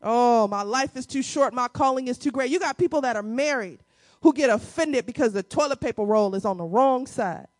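Woman preaching, high voice, dry close sound, slow repeated key lines, playful asides. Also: lively intonation, dry recording. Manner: playful asides with quick dips into a low, quiet voice. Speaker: pastor. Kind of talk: sermon.

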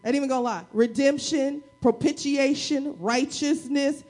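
At a church service, a woman pastor with a high voice preaches at normal speed, lively and energetic, drawing her church into call-and-response and tossing in playful asides.

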